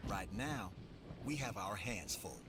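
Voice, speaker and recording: Curt park security chief. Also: male voice, lowish voice, very animated, slow pace, heavy background noise. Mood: stern. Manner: clipped, authoritative. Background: game music.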